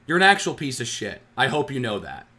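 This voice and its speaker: Bright-voiced man ranting sarcastically. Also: medium pitch, big pitch swings, fairly quick. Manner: heated, sarcastic, stumbling restarts. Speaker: sports channel host. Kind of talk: ranting fan commentary.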